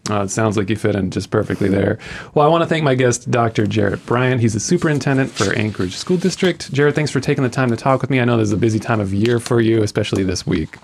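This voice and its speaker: A man hosting a radio talk show, wrapping up an interview in a quick, friendly way. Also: medium pitch, creaky, a little hiss or hum.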